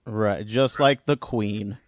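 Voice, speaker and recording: A Canadian man hosting a podcast, chatting in an easygoing, self-deprecating way with halting restarts. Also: fairly low pitch, dry recording, studio quality. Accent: Canadian English. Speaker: podcast host. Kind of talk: casual chat.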